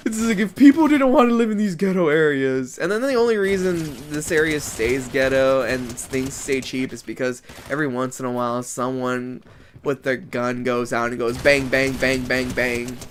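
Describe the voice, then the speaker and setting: A man's voice: mid-range voice, normal speed, a bit bright, slight background noise. A man from the United States ranting casually as a vlogger, rambling, swearing a lot and leaning on "like" as a filler. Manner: rambling and profane, heavy use of "like". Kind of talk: casual rant.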